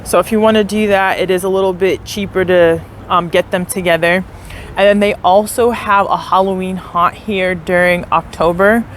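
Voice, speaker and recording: Speaking at normal speed with a fairly low pitch and fairly even intonation, she narrates a casual travel vlog as she tours a historic house, outdoors and inside the tourist building. The young woman talks chattily to viewers, peppering her speech with "like" and uncertain asides, against slight background noise.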